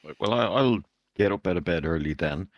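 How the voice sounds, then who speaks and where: Low-voiced male player, relaxed and casual, dry mic. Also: fairly quick, no echo, dull audio. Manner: laid-back, casual. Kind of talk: casual tabletop role-play.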